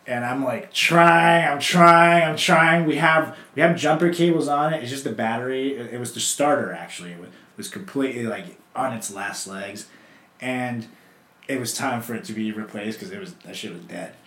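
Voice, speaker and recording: A young man hosting a casual chat, telling stories in an animated way, swearing and acting out quotes. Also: mid-range voice, normal speed, echoey room.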